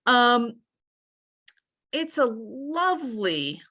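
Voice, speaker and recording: Slow, high-voiced woman teaching genealogy. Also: sing-song, pushed and bright. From central Shenandoah Valley, Virginia. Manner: chatty, hesitant, spells out names letter by letter. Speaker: genealogy instructor. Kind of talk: casual explanatory lesson.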